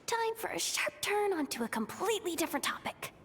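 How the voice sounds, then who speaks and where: A playful young companion chats in a very high, bubbly voice. Her pitch bounces around with lively energy. Faint game music plays behind. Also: a little fast, full character voice.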